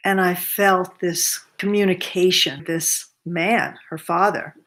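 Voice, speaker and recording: A woman in her seventies, a massage therapist, telling a personal story to camera in an unhurried, earnest way from her cozy home by a fireplace. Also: lowish voice, fairly even intonation, a bit bright. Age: 70s.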